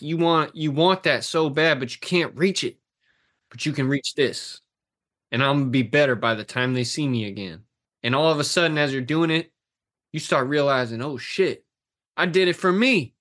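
A man's voice: fairly high pitch, a bit bright. A man speaking as a guest coach on a podcast, talking passionately and intensely, swearing now and then. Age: adult, has a daughter. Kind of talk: emotional podcast talk.

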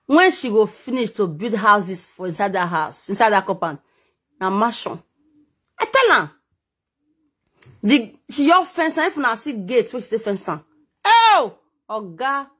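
A woman with a Nigerian accent telling gossip stories in a casual vlog. She talks in an animated way, exclaiming and repeating words for effect. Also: on the high side, breathy edge. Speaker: gossip vlogger.

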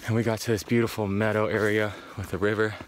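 A man vlogging casually to camera from his van and out on forest trails, excitable and rambling with casual swearing. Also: on the low side, fast, background noise. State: out of breath while hiking. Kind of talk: casual vlog talk to camera.

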